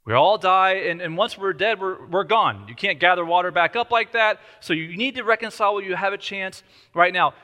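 A man's voice: high voice, animated, a little fast, few pauses, sharp tone, in a large hall. A man voicing a persistent, crafty widow who pleads with insistent, rising speech. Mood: coaxing.

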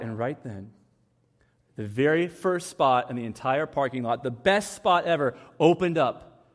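A man in his thirties preaching a sermon, reading scripture and telling stories with lively acted-out voices. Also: medium pitch, unhurried, long reverb tail. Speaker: pastor.

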